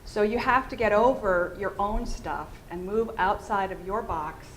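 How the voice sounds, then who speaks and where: A woman's voice: mid-range voice, unhurried, a little hiss or hum. A middle-aged American woman giving a conference presentation, engaging her audience with questions as she speaks. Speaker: fundraising communications consultant. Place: presentation room.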